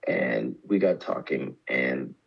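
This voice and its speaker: A man's voice: a bass voice, takes it slowly, gravelly, slightly rough, lo-fi sound. A man co-hosting a business podcast, telling a story in a casual chat and acting out the quoted lines. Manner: animated storytelling, acts out quotes. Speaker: podcast co-host.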